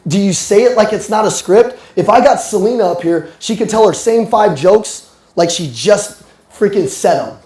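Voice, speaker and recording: A young man giving an animated, playful motivational sales talk to a live audience. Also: sits high, normal speed. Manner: animated, playful, addresses the crowd directly. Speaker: sales coach speaking live. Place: roomy hall with a live audience. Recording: echoey room with faint music.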